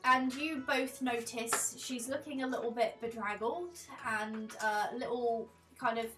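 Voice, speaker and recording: A woman's voice: a little high, unhurried, over music. A woman narrating as game master of a tabletop game, chatty and casual. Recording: echoey room.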